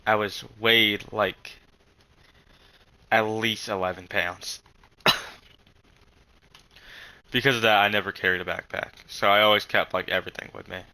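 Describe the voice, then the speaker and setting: A young man telling a rambling story in casual chat, halting with many fillers and frequent swearing. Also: fairly low pitch, fairly even intonation, bright, forceful tone, clean tone, poor audio.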